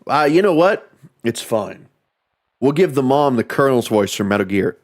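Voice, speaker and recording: A man's voice: mid-range voice, sing-song, normal speed. A man streaming a horror game, joking and swearing as he reads the game text aloud. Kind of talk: casual game commentary.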